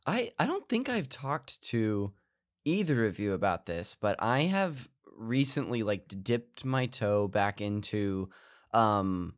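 A man's voice: on the low side, big pitch swings, takes it slowly, no echo, clean studio sound. Laid-back, hesitant male co-host. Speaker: comedy podcast co-host. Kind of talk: casual comedy chat.

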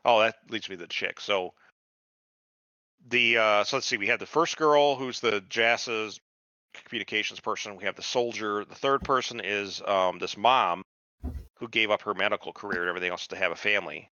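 A man's voice: lowish voice, normal speed, sharp tone, dry recording, muffled recording. A man co-hosting a podcast, casually retelling a TV show with heavy swearing and quoted voices. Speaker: podcast co-host. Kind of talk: casual chat recapping a TV show.

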